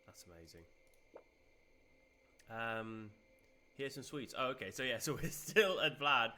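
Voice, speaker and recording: A young man chats through a live game stream, cheerful and easygoing, laughing often between remarks. His voice is bright, with a crisp edge. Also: mid-range voice, unhurried. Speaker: game streamer, community host. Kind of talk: casual live-stream commentary.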